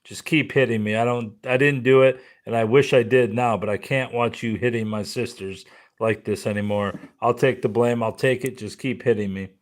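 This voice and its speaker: A man's voice: mid-range voice, steady tone, moderate pace, close to an everyday voice. A man reading a young boy in a storybook memoir, pleading frantically. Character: desperate young boy taking the blame.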